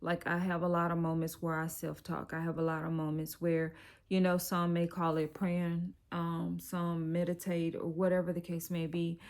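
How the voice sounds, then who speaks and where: A woman's voice: fairly low pitch, completely flat delivery, moderate pace, darkish tone. A middle-aged woman, a life coach, giving an encouraging, conversational tarot reading that turns slightly preachy. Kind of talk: direct-to-camera tarot reading.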